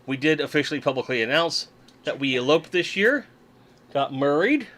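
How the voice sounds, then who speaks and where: A man's voice: on the high side, big pitch swings, normal speed, a bit bright. Chatty man hosting a toy stream. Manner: chatty, joking, talks to viewers. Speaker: livestream host. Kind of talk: casual livestream chat while unboxing toys. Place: home room at a desk.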